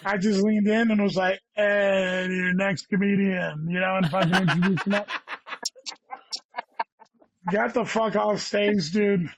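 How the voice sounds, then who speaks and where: A man's voice: high-pitched, fairly even intonation, measured pace, pauses often, breathy edge. A man, a guest comedian, telling a long casual story and swearing often, saying "dude" all the time. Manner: rambling, heavy swearing, says "dude" constantly. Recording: dull lo-fi sound.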